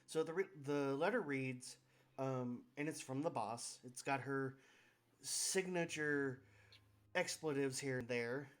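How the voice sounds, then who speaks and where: A man's voice: mid-range voice, takes it slowly. A young man running a tabletop game on a live stream, narrating casually with restarts and fillers. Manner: casual, rambling, self-correcting.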